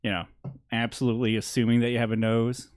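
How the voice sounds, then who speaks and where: A man's voice: mid-range voice, monotone, fast, clean tone. A young man running a tabletop game as game master, narrating loosely and laughing often.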